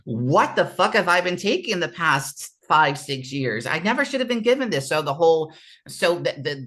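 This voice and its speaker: A man giving candid personal testimony as an interview guest, halting and raw, often restarting and repeating his words. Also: a little high, pushed and bright.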